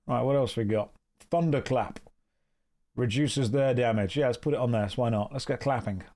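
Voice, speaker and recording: A man's voice: medium pitch, moderate pace, darkish tone. A young man from the American Midwest streaming a game, reading out chat and answering it in a dry, playful way. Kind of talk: casual live-stream commentary.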